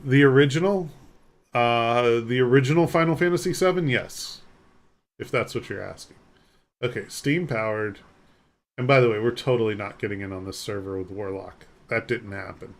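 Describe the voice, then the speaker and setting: Guy live streaming a game, rambly and joking at himself, answers chat, mid pitched voice on a desk mic. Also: moderate pace. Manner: rambling, self-deprecating, reads chat aloud and answers.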